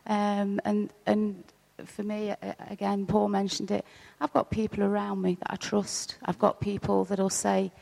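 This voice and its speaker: Reflective woman panelist with a gravelly, flat delivery, recorded in a reverberant church hall. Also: mid-range voice. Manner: reflective, halting with restarts. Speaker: panel guest. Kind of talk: live church panel talk.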